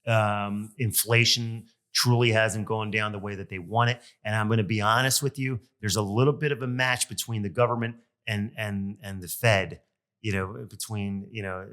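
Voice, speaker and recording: Lower-voiced guy ranting on his podcast, fed up, lots of ums and uhs. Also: normal speed. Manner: exasperated, animated venting with lots of fillers. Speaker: podcast host and loan officer. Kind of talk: casual solo podcast monologue.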